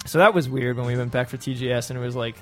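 Young man, casual chat, storyteller, mimics people, mid pitch, faint music behind. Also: racing. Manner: animated storyteller, mimics officials. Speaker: podcast guest who lived in Japan.

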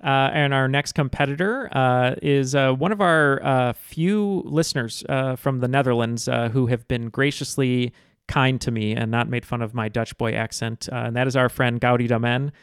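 A man hosting a trivia podcast in casual chat, relaxed and filler-heavy. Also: medium pitch, moderate pace, smooth, dry recording, clean studio sound.

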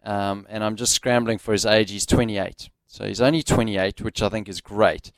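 A man's voice: on the low side, steady tone, normal speed, gravelly, dry recording. A man co-hosting a casual sports radio show, chatting enthusiastically and rambling a little with fillers. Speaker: radio co-host.

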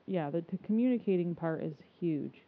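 A woman's voice: fairly low pitch, expressive, fairly quick. A woman co-hosting a podcast, chatting casually with lots of "like" fillers. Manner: chatty, filler-heavy, laughs often. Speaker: podcast co-host. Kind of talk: casual chat. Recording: tinny phone-like sound.

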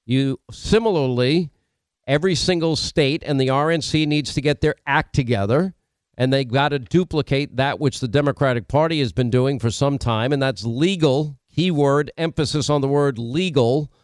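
A middle-aged man hosting a political talk radio show, delivering an emphatic, opinionated monologue and rattling off points in quick series. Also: medium pitch, clean tone, no echo.

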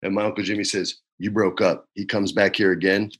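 A man in his forties talks openly as a guest on a video-call interview, his voice bright and forward. He speaks with plain emotion and drops "man" and "dude" into nearly every sentence. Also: low-pitched, flat delivery, a little fast, slight background noise. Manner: candid, emotional, says "man" and "dude" a lot. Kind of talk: casual interview chat.

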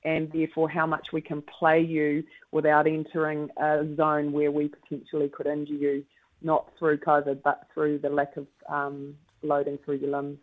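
A woman with a New Zealand accent, a netball coach giving a radio interview in measured explanations and laughing easily when teased. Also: deep voice, monotone. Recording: slightly muffled radio audio.

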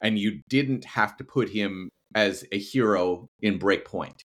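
Low-voiced man rambling on a podcast. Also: unhurried, a bit bright. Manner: rambling, restarts often, swears casually. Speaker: podcast co-host. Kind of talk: casual chat.

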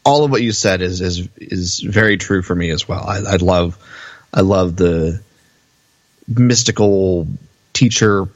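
A man's voice: sits low, unhurried, no echo, dull audio. A man co-hosting a podcast in casual chat, agreeable and a little hesitant with fillers. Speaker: podcast co-host.

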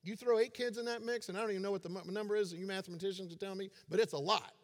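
A man's voice: high voice, steady tone, racing. A man in his forties giving a sermon as a pastor, conversational and self-deprecating in his humor. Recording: long hall reverb.

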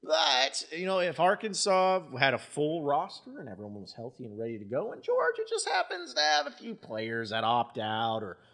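A man hosting a sports podcast, talking casually in animated bursts, full of restarts and fillers. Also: fairly high pitch, moderate pace, creaky, few pauses. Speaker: podcast host.

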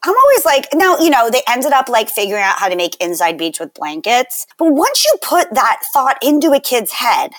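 High, lively-voiced woman podcast co-host. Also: normal speed, few pauses. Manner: crude, giggly, joking. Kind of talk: casual chat.

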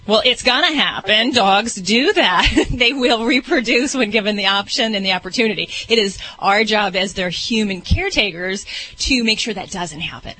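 A woman's voice: medium pitch, lively intonation, normal speed, bright, forceful tone, breathy edge. A woman veterinarian giving firm, earnest advice to a caller on a radio show.

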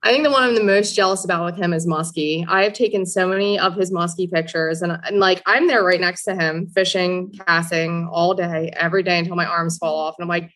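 A young woman guest in a casual interview, animated, telling stories and often quoting others. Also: fairly low pitch, a little fast, hardly any pauses. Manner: animated storyteller, quotes others, laughs often. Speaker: guest angler.

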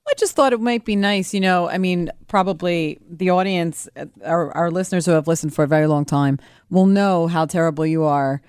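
A woman's voice: on the low side, brisk, a little mellow, clean tone, no echo, clean studio sound. A woman co-hosting a radio show, speaking earnestly and at length with many fillers. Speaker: radio show producer and co-host. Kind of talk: casual radio chat.

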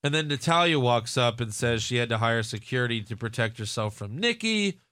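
A man's voice: medium pitch, expressive, a little fast, pushed and bright. A man hosting a casual podcast chat, recapping events with sarcastic, jokey asides. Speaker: podcast host recapping wrestling.

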